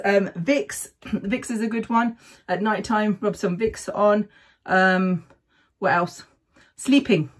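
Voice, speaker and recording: A woman's voice: mid-range voice, breathy edge. A middle-aged woman talking casually to camera, sharing breathing tips in a chatty way and often checking in with "okay?". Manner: chatty, keeps adding "okay?". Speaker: vlogger sharing health tips. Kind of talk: casual advice talk to camera.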